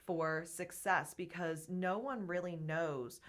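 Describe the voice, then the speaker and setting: A woman's voice: on the low side, fairly even intonation, takes it slowly. A woman guest on a podcast, chatting candidly and laughing often as she talks about her work. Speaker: podcast guest, gym co-owner. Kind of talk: casual interview chat.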